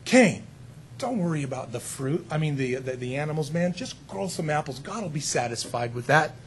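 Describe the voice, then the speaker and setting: A man voicing the enemy as a sly male tempter, coaxing in a hushed, raspy voice. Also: fairly high pitch, lively intonation, normal speed, slight background noise, pitched below the performer's own voice. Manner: smooth-talking, coaxing, hushed.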